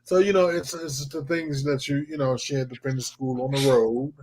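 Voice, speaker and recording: A man chatting casually on a live talk show, telling animated stories and swearing freely. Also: medium pitch, moderate pace, rough recording. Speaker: panelist. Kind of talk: casual chat.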